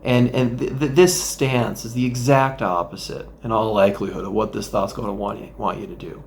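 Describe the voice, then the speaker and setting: A man speaking as a therapist, giving an instructional talk that guides the listener through a mindfulness exercise in a gentle way with playful asides. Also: fairly low pitch, fairly even intonation, brisk, vocal fry, a little hiss or hum.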